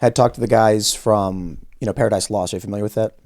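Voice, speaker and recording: A man hosting a podcast studio interview, asking questions rapidly with frequent restarts. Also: lowish voice, fairly even intonation, darkish tone, no echo. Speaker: podcast host.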